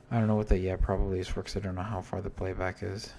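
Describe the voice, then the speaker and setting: A man's voice: lowish voice, fairly quick, few pauses, darkish tone, faint music behind. A man casually explaining an album's story in a rambling, self-interrupting way, with mild slang. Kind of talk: casual commentary.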